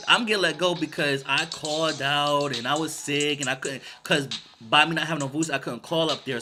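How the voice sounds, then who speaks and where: A man vlogging a loose, digressive storytime, full of fillers and asides, as the channel's host. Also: medium pitch. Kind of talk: rambling storytime monologue. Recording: music playing underneath.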